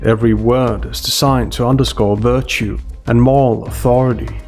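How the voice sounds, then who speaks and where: A man's voice: medium pitch, steady tone, moderate pace, a little mellow, soft background music. A man giving a scripted analytical voice-over in a dry, sarcastic manner. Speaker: commentary channel host.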